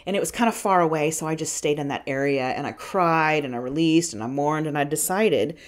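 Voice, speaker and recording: A woman's voice: low voice, brisk. Frank, swearing woman telling her story. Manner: frank and profane, with many restarts and fillers. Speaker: podcast host. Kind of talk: candid personal storytelling.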